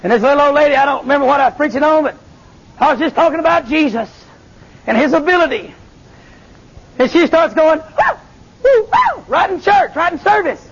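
Male preacher, high pitch, lively revival delivery, dull lo-fi recording. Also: brisk, gravelly, long pauses. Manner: animated, calls to the congregation, Southern. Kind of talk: revival sermon with testimony.

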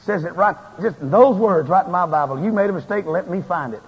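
A man preaching a sermon in a folksy, animated way, his emphasis rising and building as he goes. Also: high voice, a little fast, slightly rough. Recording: lo-fi tape with long hall reverb.

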